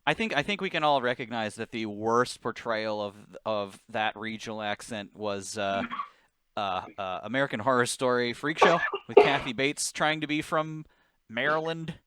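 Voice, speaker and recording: A man's voice: medium pitch, moderate pace, fairly bright tone, slight background noise. A man co-hosting a podcast, talking in a rambling, casual way and laughing often. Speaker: podcast co-host. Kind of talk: casual chat.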